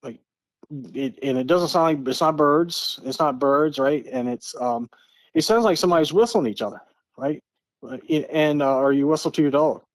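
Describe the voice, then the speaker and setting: Speaking at a moderate pace in a slightly high voice, this podcast guest, a middle-aged Eastern Maryland man, relates a story in a casual, earnest way, repeating himself and frequently starting phrases over. The recording is dry.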